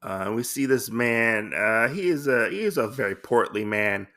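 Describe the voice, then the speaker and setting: Gravelly man rambling through a comic recap. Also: medium pitch, animated, moderate pace, sharp tone. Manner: rambling, hesitant, many fillers. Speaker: podcast host.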